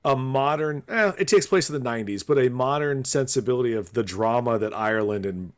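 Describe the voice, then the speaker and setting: A man's voice: medium pitch, brisk. A man co-hosting a podcast, chatting casually and teasing his friends with wry remarks. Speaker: podcast co-host. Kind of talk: casual chat.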